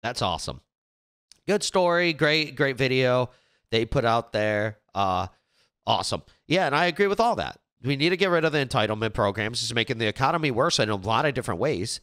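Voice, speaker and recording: A man giving casual commentary on a video. His pitch moves a lot as he talks. He stops and restarts often, and the sound is dry and close. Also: lively intonation, fairly bright tone, no echo. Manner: halting, with repeated restarts.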